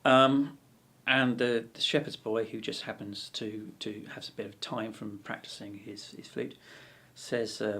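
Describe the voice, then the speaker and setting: A male ukulele teacher tells a joke in a casual lesson. He rambles and hesitates, filling gaps with ums. His voice is gravelly and husky. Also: on the low side, steady tone, a little slow, few pauses, fairly bright tone. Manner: rambling, hesitant, with many fillers.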